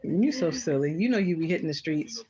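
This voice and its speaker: A woman hosting a casual livestream while eating, excitable and exclamatory, swearing freely. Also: low voice, a little fast, a crowd in the background. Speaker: livestream host.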